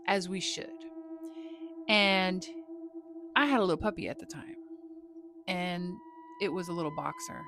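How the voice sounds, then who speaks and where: A woman telling a personal story in a casual, slangy way, swearing freely as she goes. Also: fairly low pitch.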